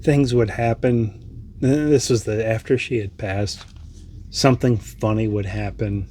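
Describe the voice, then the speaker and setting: A man vlogging, telling a personal story in a reflective, halting way with restarts. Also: fairly low pitch, fairly even intonation, mellow, slight background noise. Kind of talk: casual storytelling.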